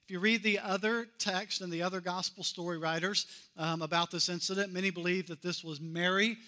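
A man's voice: high-pitched, steady tone, fairly quick, bright, forceful tone. A man preaching a sermon, reading scripture and repeating key phrases with building intensity. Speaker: pastor.

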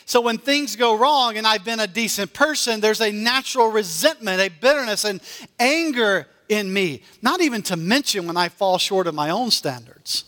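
Bright-voiced man preaching in a hall. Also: high-pitched, expressive. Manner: earnest preaching, slowing for emphasis on key words. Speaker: pastor. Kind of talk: sermon.

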